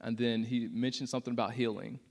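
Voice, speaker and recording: A man's voice: medium pitch, level tone, fast, creaky. A young man shares a personal testimony with a church audience in a loose, conversational way. He is earnest and unpolished, full of fillers, and he leans hard into the words he quotes. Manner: casual and earnest, many "like" fillers, acts out quotes with rising intensity. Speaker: speaker sharing a testimony.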